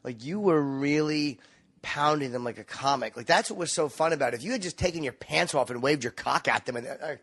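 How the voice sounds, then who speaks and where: A man who is a comedian, speaking as a guest in casual podcast chat, halting and repeating words as he searches for them. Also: a little high, lively intonation, a bit bright, slightly rough.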